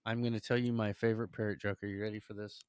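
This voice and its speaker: Podcast host, man, low voice, animated joke telling, dry close mic. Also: racing, smooth, no echo. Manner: rambling, with fillers.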